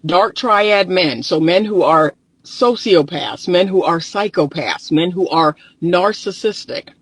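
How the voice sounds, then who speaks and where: A man's voice: high-pitched, slow, fairly bright tone, husky, no echo, poor audio. A male therapist with a groggy morning voice, recording himself outdoors on his phone and talking emphatically to his viewers. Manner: emphatic, repeats points, talks to viewers directly. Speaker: relationship therapist. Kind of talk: casual vlog commentary. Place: outdoors in the sun. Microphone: phone held or propped nearby.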